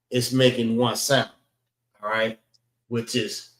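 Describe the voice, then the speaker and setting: Slow-talking man teaching a class. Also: mid-range voice, fairly even intonation, far from the mic. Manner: slow and deliberate, sounding out letters, frequent "all right" checks. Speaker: class instructor. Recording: roomy echo.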